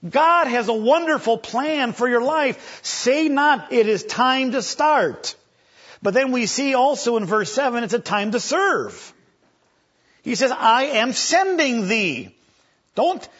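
High husky-voiced male preacher. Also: slow. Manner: animated preaching, acts out scripture voices, stutters for effect. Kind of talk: sermon. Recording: dull lo-fi recording.

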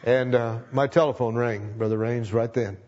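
A man's voice: medium pitch, fairly even intonation, normal speed, a little mellow, highs cut off. A man in his seventies, a longtime pastor, telling a personal testimony with earnest emotion and repeating phrases for emphasis.

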